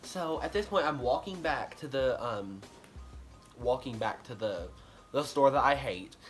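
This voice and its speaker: A man telling a personal story to camera in a casual, animated way, full of likes and ums. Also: mid-range voice, measured pace, faint music behind. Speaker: vlogger.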